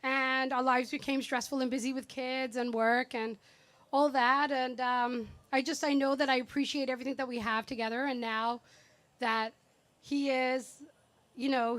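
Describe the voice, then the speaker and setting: Woman, 30s, sister's birthday toast, chatty and affectionate, slightly high, dry. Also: no echo. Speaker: younger sister giving a birthday speech. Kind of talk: heartfelt party speech. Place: party venue.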